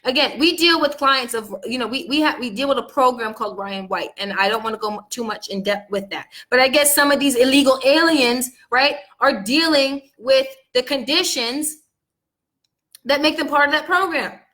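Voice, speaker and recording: A woman vlogger talking straight to her viewers in a heated, venting monologue, upset and angry, her voice swinging from loud outbursts to quiet, low lines. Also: moderate pace. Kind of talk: casual monologue to camera.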